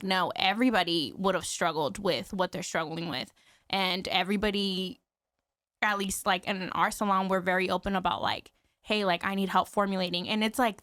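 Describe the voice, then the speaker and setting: A woman hairstylist talks as a podcast guest, chatty and quick to laugh, peppering her speech with "like". Her voice sits at a middle pitch. The sound is dry and close. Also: fairly bright tone, no room sound. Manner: chatty, laughs often, fillers of "like". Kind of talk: casual podcast conversation.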